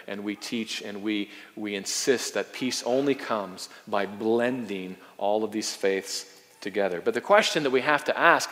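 Man preaching in a reverberant hall. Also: medium pitch. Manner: earnest preaching with repeated phrases and emphatic stresses. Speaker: pastor. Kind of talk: sermon.

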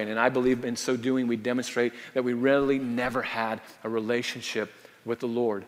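A man preaching a sermon in an easy, conversational way. He often repeats himself, adds tag questions, and goes quiet and hushed when he quotes prayers. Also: medium pitch, steady tone, normal speed. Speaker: pastor. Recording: hall reverb.

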